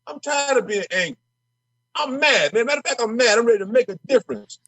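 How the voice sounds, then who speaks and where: A Minnesota state representative appears as a guest on a casual podcast, his voice very high-pitched, bright and a bit husky, with lively intonation and fast delivery. He's brash and impassioned, stumbling and repeating words as he gets worked up. The recording is rough, with no room sound.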